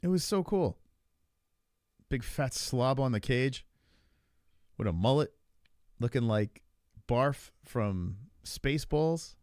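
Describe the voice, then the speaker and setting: A man co-hosting a casual podcast, talking in an animated, profane and rambling way. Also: mid-range voice, takes it slowly, long pauses, smooth, no room sound, studio quality. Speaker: podcast co-host. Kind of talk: casual chat about fights.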